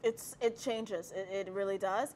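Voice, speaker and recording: A woman's voice: medium pitch, fairly even intonation, normal speed, darkish tone. A woman comedian on a casual panel, telling stories in a laughing, self-mocking way. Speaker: comedian guest.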